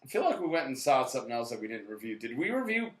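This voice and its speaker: A man in his late twenties co-hosting a casual movie review, rambling, joking and swearing, tipsy, now and then breaking into loud shouts. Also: medium pitch, sing-song, very fast. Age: late 20s. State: tipsy from tequila and beer. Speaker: co-host of a movie review channel. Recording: echoey room sound.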